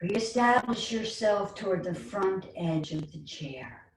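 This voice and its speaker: Slow-paced New York woman teaching yoga. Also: mid-range voice, animated. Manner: slow, soothing cues with playful asides. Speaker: chair yoga instructor. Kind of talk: guided chair yoga class. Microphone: online video call. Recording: roomy, distant mic, faint noise.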